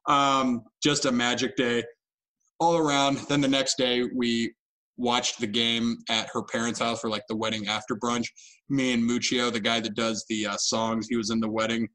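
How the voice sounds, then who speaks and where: A man's voice: mid-range voice, flat delivery, moderate pace, sharp tone, low-quality recording. A young man co-hosting a podcast, telling a story in a casual, self-mocking way. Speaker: podcast co-host. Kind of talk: casual chat.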